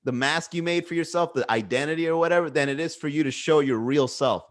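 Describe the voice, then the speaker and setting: A man's voice: a little high, fast. Rambling, musing man on a casual podcast. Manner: rambling, musing, swears freely, many fillers. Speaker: podcast host. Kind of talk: casual solo podcast monologue. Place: indoors at home.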